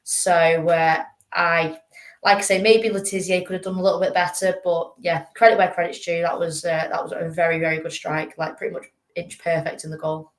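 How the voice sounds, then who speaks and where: A woman's voice: fairly low pitch, little pitch movement, brisk. A woman on a fan panel, talking football casually and hesitantly, with lots of fillers. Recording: echoey room.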